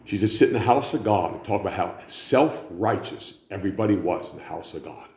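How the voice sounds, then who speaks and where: Casting: lower-voiced male preacher, sermon delivery, room echo, faint hiss. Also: animated, a little fast. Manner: preaching, building to loud climaxes then dropping low. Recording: echoey room with faint background noise.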